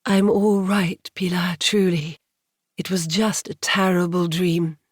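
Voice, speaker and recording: A woman's voice: on the low side, little pitch movement, takes it slowly, husky, no echo, studio quality. A woman voicing a frightened young noblewoman. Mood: shaken. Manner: breathless, pleading, hushed.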